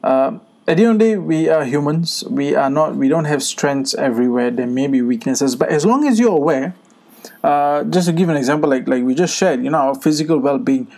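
A man's voice: on the high side, expressive, brisk, a little mellow. A man co-hosting a podcast in casual chat, speaking earnestly with many fillers and restarts. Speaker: podcast co-host.

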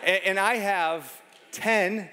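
A man in his thirties delivers a sermon in a relaxed, storytelling way, often poking fun at himself. His voice sits a little higher than most men's. The sound carries the long echo of a large church sanctuary. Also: slow pace. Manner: conversational storytelling with self-deprecating humor. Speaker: pastor. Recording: long reverb of a large hall.

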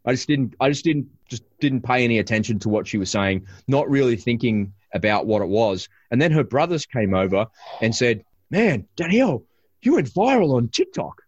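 A man hosting a podcast, telling a story about his family in a casual, animated way with many restarts. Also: medium pitch, a little fast, hardly any pauses, no echo, lo-fi sound. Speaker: podcast host and father.

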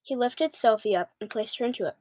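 A woman's voice: a little high, expressive, brisk, a little mellow, dry recording. A woman reading a children's book aloud for listeners, plainly, with the odd slip and filler. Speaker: storybook reader.

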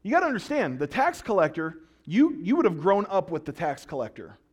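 A male pastor with a high, slightly rough voice preaches fairly quickly. His sermon is story-driven and playful, with animated jokes and quotes he acts out.

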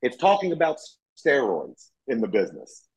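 A man's voice: medium pitch, huge pitch swings, moderate pace, a little mellow. A man with a Virginia accent, a guest on a video call chatting casually, rambling and restarting his sentences. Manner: rambling, self-correcting, emphatic. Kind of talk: casual chat. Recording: dull lo-fi video call audio.

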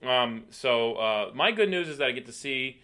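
A middle-aged man co-hosts a casual podcast, his bright, forward voice climbing in pitch and volume as he rants. He talks loosely and animatedly, piling up rhetorical questions. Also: normal speed. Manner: animated ranting, rising loud with exasperation. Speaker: podcast co-host. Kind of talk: casual chat.

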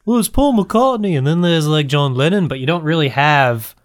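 Another man co-hosting the brainstorm has a higher voice with lively intonation and talks at a moderate pace. Laughter comes often from him, and many of his sentences trail off unfinished.

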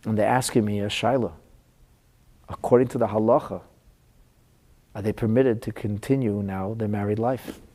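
A man's voice: on the low side, fairly even intonation, normal speed, long pauses, mellow. A middle-aged man teaching a Talmud class as a rabbi, telling a painful counseling story in an earnest, emotional way.

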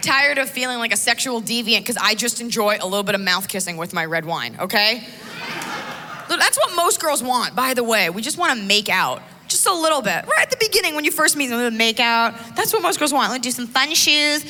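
A woman's voice: a little high, lively intonation, fairly quick. A young woman doing a stand-up comedy set, rambling with lots of "like" in a crude, sardonic way. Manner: rambling, valley-girl filler "like", crude and sardonic. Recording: reverberant live venue with background noise.

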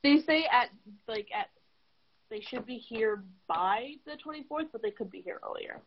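A slightly high-voiced young woman rambles through a casual podcast chat, tired and swearing freely. Her voice comes through a dull, lo-fi recording. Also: lively intonation, moderate pace. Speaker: podcast co-host. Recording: dull lo-fi sound.

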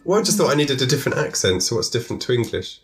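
Very low-voiced, giggly woman co-host. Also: big pitch swings. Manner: jokey, giggly, quick asides. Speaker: podcast co-host. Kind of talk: casual chat.

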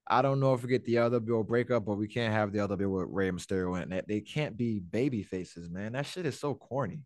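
A man's voice: fairly low pitch, a little fast, a little mellow, no echo, clean studio sound. A man hosting a podcast, chatting casually about wrestling in a rambling, joking, profane way. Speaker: podcast host.

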